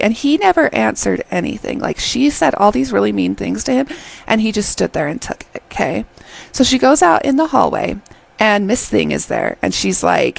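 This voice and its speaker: A woman casually recapping a drama, talking in an animated, exasperated way, often checking in with "okay?". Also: mid-range voice, moderate pace, creaky. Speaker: drama reviewer.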